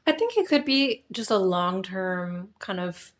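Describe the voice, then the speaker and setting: A woman's voice: mid-range voice, sing-song, unhurried. A young woman co-hosting a podcast in casual chat, telling a story thoughtfully and hedging with "I guess". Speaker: podcast co-host.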